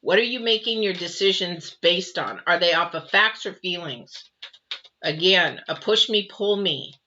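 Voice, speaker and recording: A middle-aged woman hosts a live tarot reading in a bright, forward voice. She is earnest and repeats her points as she talks straight to the viewers. The livestream audio sounds slightly dull and lo-fi. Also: fairly low pitch, a little slow, a little hiss or hum. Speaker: tarot reader and livestream host.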